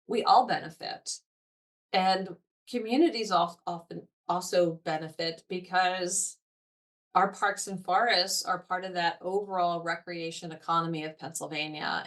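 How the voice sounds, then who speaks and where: Eager, lower-voiced woman, slightly off-mic. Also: a bit bright, recorded from a distance. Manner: eager, talkative, frequent fillers. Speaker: parks foundation representative, guest. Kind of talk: enthusiastic podcast conversation.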